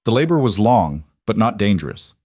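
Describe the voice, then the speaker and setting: A man reading a frontier love story aloud as a narrator, in a steady storytelling manner. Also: on the low side, normal speed, dry recording, studio quality.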